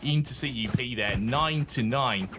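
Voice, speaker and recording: A man casting an esports match, giving brisk play-by-play and joking with his co-caster. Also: medium pitch, music in the background. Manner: joking, puts on a mock Australian voice. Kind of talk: play-by-play commentary.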